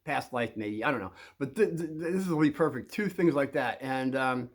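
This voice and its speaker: A man's voice: mid-range voice, moderate pace. A man talking to the camera and giving casual advice, rambling with many fillers and restarts. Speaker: advice vlogger.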